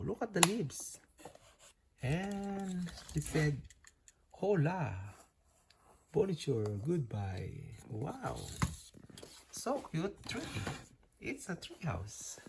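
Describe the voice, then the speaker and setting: A woman narrating a toy play session for kids in a gentle, playful, wondering way, in a home recording with clear background noise. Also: lowish voice.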